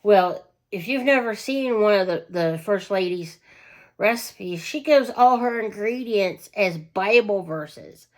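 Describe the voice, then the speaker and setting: A woman's voice: mid-range voice, animated, slow. A woman telling a rambling personal story to her vlog, full of fillers, small laughs and self-corrections. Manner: chatty, with frequent small laughs. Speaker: vlogger.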